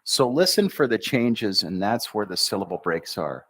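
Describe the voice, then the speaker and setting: A man with an American accent teaches English pronunciation on a livestream, drilling words slowly syllable by syllable and tossing in upbeat asides. His voice is fairly low and fairly bright, swinging widely in pitch.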